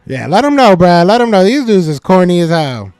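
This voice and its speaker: A man's voice: high-pitched, a little fast, smooth, dry recording, clean studio sound, faint music behind. A man hosting a sports talk live stream, answering his chat with teasing jabs that he repeats several times. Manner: animated, talks back to chat commenters. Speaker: podcast host.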